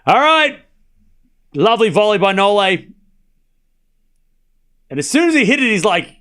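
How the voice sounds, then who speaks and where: A man streaming a tennis watchalong, calling every shot in rapid play-by-play and bantering teasingly with his chat. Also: sits high. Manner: rapid rally calling, bursts into excited shouting on big points. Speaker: live tennis watchalong commentator. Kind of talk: live stream play-by-play commentary.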